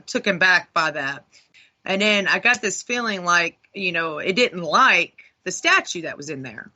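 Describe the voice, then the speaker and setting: A woman, a paranormal investigator, telling a rambling, animated story on a talk radio show with lots of fillers. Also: mid-range voice.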